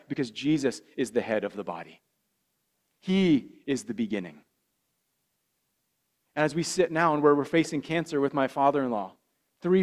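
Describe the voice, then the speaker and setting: A man, a pastor preaching a sermon with earnest repetition that swells louder on key phrases. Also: medium pitch. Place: church.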